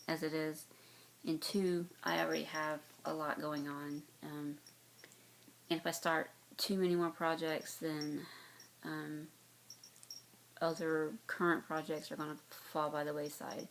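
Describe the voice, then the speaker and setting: Low gravelly-voiced Southern woman vlogger. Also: slight background noise, poor audio. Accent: light North Carolina Southern. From North Carolina, US Southeast. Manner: rambling, many fillers and restarts. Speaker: cross-stitch vlogger. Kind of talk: casual chat to camera.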